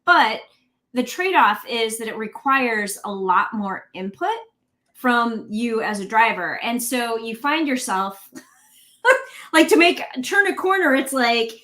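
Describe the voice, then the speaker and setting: A woman's voice: a little high, lively intonation, slow pace, bright, forceful tone. A woman co-hosting a truck livestream, explaining things in an easygoing way with plenty of fillers. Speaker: co-host of a truck show. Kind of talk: casual livestream chat.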